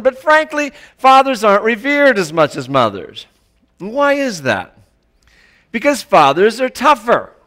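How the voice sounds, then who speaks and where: High, bright-voiced man preaching a sermon. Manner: conversational, asks the congregation rhetorical questions; frequent stammered restarts. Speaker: pastor.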